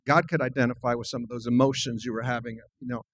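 A man's voice: mid-range voice, fairly even intonation, quick pace, fairly bright tone, breathy edge, rough recording. A middle-aged man, a minister, preaching a sermon and telling a personal story in an earnest way. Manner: earnest, storytelling, frequent restarts.

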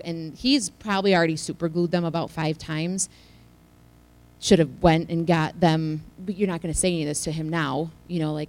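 Woman with a gravelly low voice giving testimony. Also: normal speed, rough recording. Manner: heartfelt storytelling, swinging from hushed to loud. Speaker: church speaker sharing a testimony. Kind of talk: personal testimony to a congregation.

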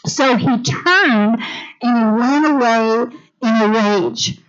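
Brief: middle-aged female Bible teacher, animated sermon delivery, slightly high voice, lo-fi muffled audio. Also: takes it slowly. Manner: animated, calls for congregation responses. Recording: dull lo-fi recording.

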